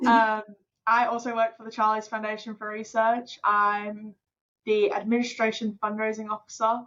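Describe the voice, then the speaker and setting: A woman's voice: a little high, fairly even intonation, unhurried, fairly bright tone, highs cut off. A young woman, a fundraising officer, giving short shy answers as an interview guest over a video call. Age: young adult. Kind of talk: casual interview.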